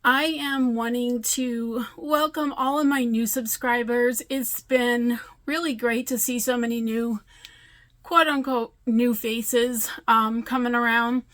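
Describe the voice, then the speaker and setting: A fairly high-voiced woman chatting casually about her crochet hobby. She rambles and corrects herself, and sounds tired. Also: steady tone, slow pace, fairly bright tone. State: tired, yawning. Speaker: crochet vlogger. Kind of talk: casual chat.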